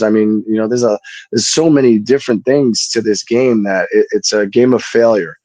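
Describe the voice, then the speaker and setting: A middle-aged man and former baseball pitcher talking casually as a podcast guest, telling stories and often repeating words as he starts sentences. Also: fairly even intonation, moderate pace, darkish tone, dry recording. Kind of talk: casual chat.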